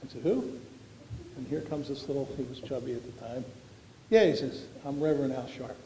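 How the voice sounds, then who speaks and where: A man's voice: mid-range voice, steady tone, fast talker, mellow, slight background noise. A man, giving an after-dinner award speech full of folksy, self-deprecating anecdotes. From Philadelphia. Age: 70s. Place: large banquet hall. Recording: echoey banquet hall recording.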